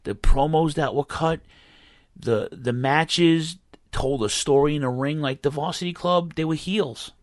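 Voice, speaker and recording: A man's voice: a little high, a little slow, no echo, studio quality. A man co-hosting a casual chat, talking in a loose, rambling way with many restarts and fillers. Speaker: podcast co-host. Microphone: own mic he mutes.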